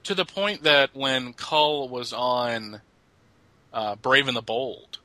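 Slow and bright with a forceful tone, this middle-aged podcast co-host's mid-range voice comes through a low-quality, echo-free recording. He reads and jokes his way through a casual talk about comics, laughing at his own lines.

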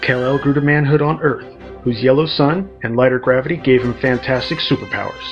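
A man's voice: mid-range voice, a little fast, dull audio. Male promo announcer over music. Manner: dramatic announcer read. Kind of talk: scripted promo narration.

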